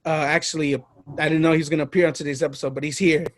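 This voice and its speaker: A man's voice: on the high side, level tone, racing. A man hosting a casual podcast, goofy and hyped, joking around with a put-on accent. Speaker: podcast host.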